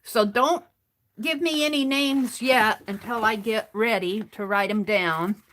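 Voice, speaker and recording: A woman's voice: fairly high pitch, measured pace, fairly bright tone. Chatty woman telling a crafting story. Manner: rambling, chatty, restarts often. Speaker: art streamer. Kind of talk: casual storytelling while crafting.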